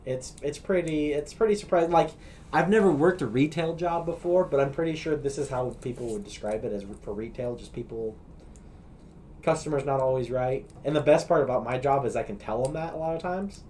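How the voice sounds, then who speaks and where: A man's voice: medium pitch, brisk, a little mellow, a little hiss or hum. A young man from Colorado, a podcast guest chatting casually with a sarcastic, wisecracking manner. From Colorado, USA. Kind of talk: casual chat.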